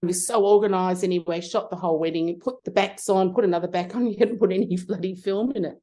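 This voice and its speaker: Aussie woman middle-aged, chatty animated storyteller, lowish mellow voice. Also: fast talker. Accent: Australian. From Australia. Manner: lively, animated anecdote telling with frequent restarts. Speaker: guest, photography consultant. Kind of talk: casual storytelling interview.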